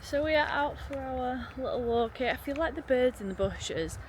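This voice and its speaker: A woman's voice: high-pitched, animated, moderate pace, a little hiss or hum. A young woman chatting casually and upbeat, self-deprecating, in a day-in-the-life vlog, first while cooking at home, then out on a walk. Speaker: vlogger. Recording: roomy sound with loud kitchen sizzle and outdoor ambience.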